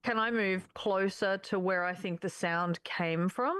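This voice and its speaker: A woman's voice: mid-range voice, unhurried, a bit bright, no room sound. A woman playing a tabletop game over a voice call, blunt and casually swearing. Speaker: player. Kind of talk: casual play over voice chat.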